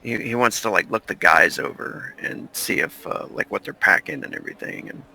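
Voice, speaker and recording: A male player in a tabletop game, talking slowly and hesitantly. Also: low voice, expressive, creaky, bright, forceful tone. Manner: slow, hesitant. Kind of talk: tabletop role-play.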